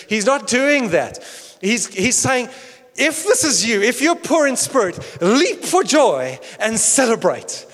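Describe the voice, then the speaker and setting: A man preaching a sermon as pastor, animated and playful, acting out quoted voices with bursts of laughter and shouting. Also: very high voice, big-room sound.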